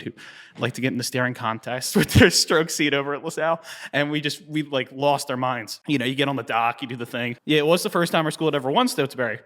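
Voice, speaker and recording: A man in his thirties from New Jersey tells a story as an interview guest, at a middling pitch. He is animated and chuckles often. His talk is loose and full of "you know" and "like.". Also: quick pace. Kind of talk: conversational storytelling.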